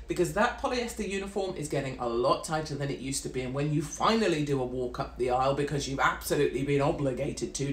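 A woman, hosting a blunt, profane and mocking ranting monologue. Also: deep voice. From Britain. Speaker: host. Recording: echoey room.

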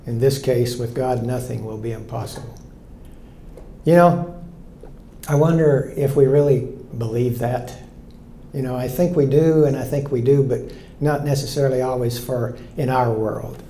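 Older male pastor, sixties, earnest storytelling sermon, mellow tone, faint room hum. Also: medium pitch, normal speed, reverberant. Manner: earnest, storytelling preacher who repeats key lines.

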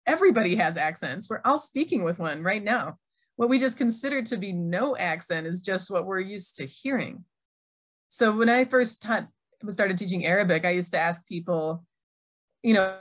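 A woman's voice: medium pitch, animated, moderate pace. A middle-aged woman from Minnesota with an American accent, giving a conversational keynote talk and reading audience chat replies aloud. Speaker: keynote speaker, Arabic teacher. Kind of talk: online conference keynote.

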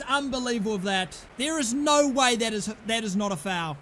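A young man commentating his own football video game, excitable, groaning and then yelling at the play. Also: extremely high pitch, moderate pace, few pauses, slight background noise. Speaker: gaming commentator. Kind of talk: live gameplay commentary.

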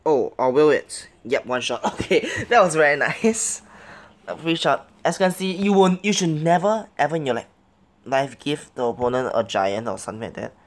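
A young man narrating his own gameplay live, his voice sitting at an ordinary middle pitch. He talks through each move half to himself, then bursts into yelps and begs the game when things go wrong. The delivery is casual, quick to react and never scripted. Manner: excitable, swings between muttering plans and loud yelps. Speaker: game commentator.

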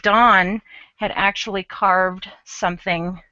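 Bright, chatty woman craft host. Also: medium pitch, steady tone, slow pace, no room sound, muffled recording. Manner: chatty, self-mocking, explains while working. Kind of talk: casual live craft chat.

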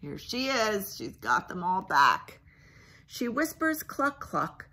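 Here a woman librarian reads aloud from a picture book at bedtime, softly asking the children questions and slipping into a hushed near-whisper. Her mid-range voice takes huge swings in pitch as she goes slowly, against a noisy background.

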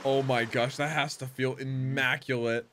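A young man giving excited running commentary while reacting to an episode, gasping and exclaiming often. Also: mid-range voice, normal speed, very noisy. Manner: excitable, frequent gasps and exclamations. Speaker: anime reaction host.

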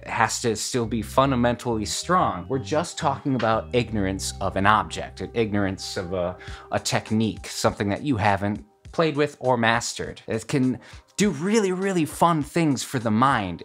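A man with a Midwestern accent speaks at an ordinary, mid-range pitch, hosting a relaxed music vlog. He muses earnestly and drops playful asides. Soft music and instruments sit faintly behind him in a music studio. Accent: Midwestern American. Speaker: music video host. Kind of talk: casual, reflective music vlog talk.

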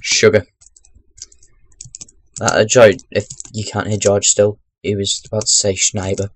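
A young man giving chatty, rambling commentary while playing a video game into his webcam microphone, breaking into sudden loud exclamations. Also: fairly low pitch, level tone, unhurried. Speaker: gaming commentator. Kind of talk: chatty let's-play commentary.

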